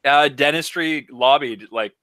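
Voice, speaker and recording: A man's voice: mid-range voice, a little slow, sharp tone, dry recording. A man co-hosting a podcast, telling an exasperated, profane story in casual chat. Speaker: podcast co-host.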